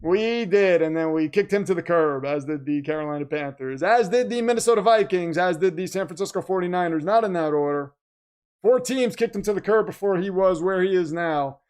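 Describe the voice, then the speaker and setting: Excitable high-voiced male streamer. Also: a little fast, clean tone. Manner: excitable, talkative, jumps between loud and quiet. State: nervous and keyed up. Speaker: livestream host reading super chats. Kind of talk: casual livestream chat.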